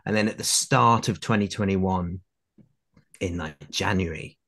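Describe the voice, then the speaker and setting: A man's voice: low-pitched, measured pace, vocal fry, fairly bright tone. A man in his late twenties from Derbyshire, a guest actor telling self-deprecating anecdotes in a podcast interview. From England, Derbyshire. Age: late 20s.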